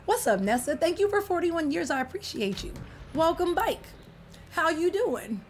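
A woman's voice: very high-pitched, big pitch swings, moderate pace, a little hiss or hum. A woman streaming a game, bantering playfully with a teammate and greeting viewers in casual chat. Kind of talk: casual livestream gaming chat.

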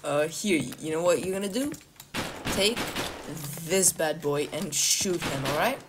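A woman's voice: deep voice, unhurried. A woman chatting casually in a game's voice chat, joking and trolling other players and swearing often. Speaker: gamer. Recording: game sounds and noise behind.

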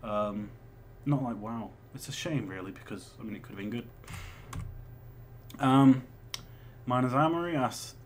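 A man's voice: mid-range voice, slight background noise. A man in his twenties, chatting casually as a vlogger answering viewer questions, rambling and swearing as he goes. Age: 20s. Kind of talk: casual chat.

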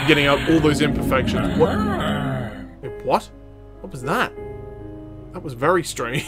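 A young man giving excitable gameplay commentary, laughing and exclaiming as he plays. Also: high-pitched, moderate pace, long pauses. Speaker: gaming video host. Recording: game music playing loudly under voice. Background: game music.

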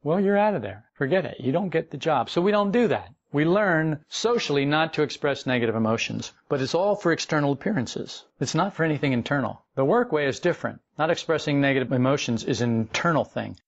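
A man's voice: fairly high pitch, expressive, a little fast, few pauses, lo-fi sound. A man giving a spoken spiritual lecture as a teacher, folksy and wry, with playful acted asides. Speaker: esoteric teacher.

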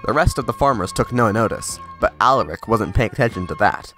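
Expressive male storybook narrator. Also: lowish voice, a little fast, soft background music.

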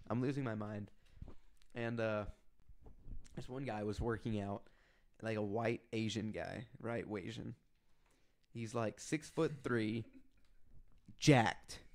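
A man's voice: on the low side, darkish tone. A man co-hosting a casual podcast, telling rambling stories about his job as a detention officer and acting out the people he quotes. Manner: rambling storyteller who acts out quoted people.

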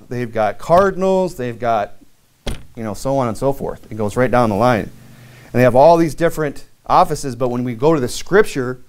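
A man's voice: medium pitch, a little mellow. A man preaching a sermon as pastor in a church, reading scripture aloud and talking plainly with frequent restarts.

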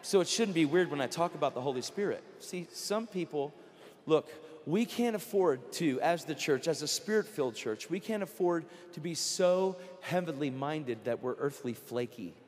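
Passionate preacher in a reverberant hall. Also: male voice, on the high side, expressive, moderate pace, slight background noise. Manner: passionate, builds to near-shouting; storytelling with quoted dialogue. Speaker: guest preacher. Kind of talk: sermon. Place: large conference hall.

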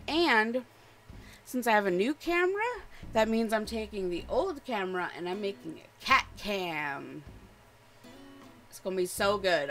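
A young woman livestreaming a cozy game, chatting casually and gushing affectionately at the game characters. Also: medium pitch. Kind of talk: casual live-stream chat while gaming.

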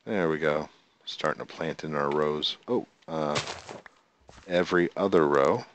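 With an extremely low voice at a measured pace, this man comments casually on his own gameplay, counting aloud, talking to himself and to the animals on screen. The audio is dull with slight background noise.

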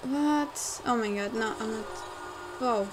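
A young woman rambling through casual gameplay commentary, full of fillers and quick to get frustrated, recorded at home on a desktop mic. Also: fairly high pitch, background noise. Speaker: game let's player. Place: home room, car audible outside.

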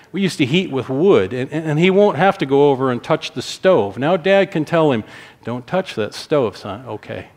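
A middle-aged man preaching a sermon as pastor, telling a family story and acting out his own stern words to his child. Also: on the high side.

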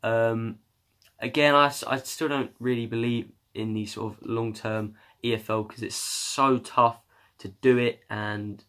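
A man's voice: medium pitch, steady tone, measured pace, a bit bright. A young man chatting casually about football news, rambling and hesitant with lots of ums and uhs. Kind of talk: casual chat.

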